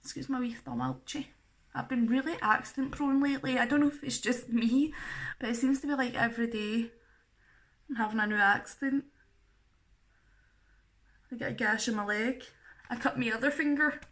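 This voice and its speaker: Young woman doing a makeup tutorial, bright voice, sits a bit high, chatty and jokey. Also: fairly even intonation, normal speed, long pauses. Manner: chatty, self-deprecating, laughs easily. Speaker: makeup artist.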